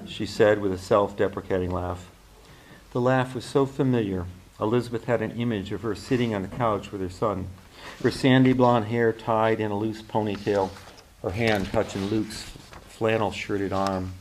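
A man, an author, reading his novel aloud in a measured, deliberate way at a university reading. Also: fairly low pitch, fairly even intonation, low-quality recording.

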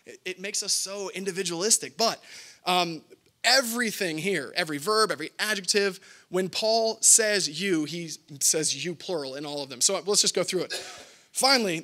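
A man's voice: high-pitched, a little fast. A man from Texas preaching a sermon, playful and joking as he teaches a grammar point from scripture. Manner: playful, lively teaching with jokes. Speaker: pastor.

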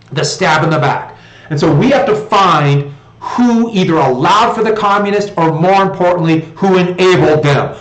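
A man with an American accent, a history teacher giving a classroom lecture in a conversational, digressive way with joking asides. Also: fairly high pitch. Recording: roomy echo.

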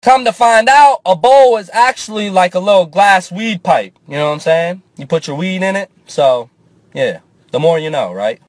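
A young man telling a comic story in a casual, profane, animated way, often switching into character voices. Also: sits high, moderate pace, no room sound. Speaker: comedian.

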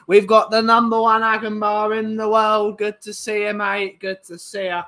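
A man's voice: high-pitched, completely flat delivery, moderate pace, few pauses, sharp tone, rough recording. A tired man, hosting a casual livestream and chatting as he reads out viewers' greetings. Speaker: livestream host.

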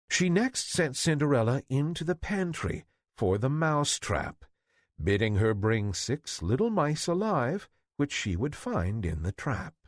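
A man reading a fairy tale aloud slowly and deliberately for English learners. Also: medium pitch, husky, no echo, studio quality. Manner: slow, deliberate, very expressive reading. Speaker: reader.

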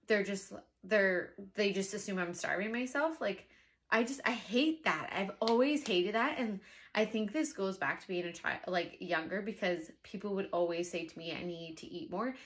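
A young pregnant woman chatting casually to camera as a vlogger, animated and exasperated in her asides. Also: mid-range voice.

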